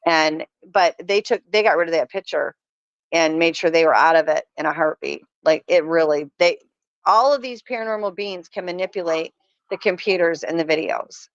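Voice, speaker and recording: A woman's voice: on the low side, normal speed, no echo. Earnest storytelling woman, lo-fi sound. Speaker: podcast guest. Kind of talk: casual chat. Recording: dull lo-fi sound.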